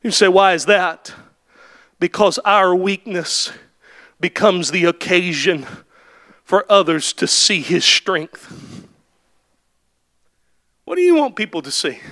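A man preaching with a very high, bright, forceful voice. He climbs through repeated lines into full shouts, then sinks to a hushed tone and asks the congregation questions. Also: lively intonation, slow pace, long pauses. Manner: builds to impassioned shouted climaxes, then drops to quiet; rhetorical questions and repeated refrains. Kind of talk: sermon.

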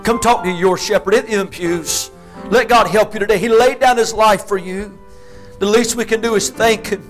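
A male preacher, delivering a sermon that rises into shouted, fervent preaching. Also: high voice, moderate pace, soft background music.

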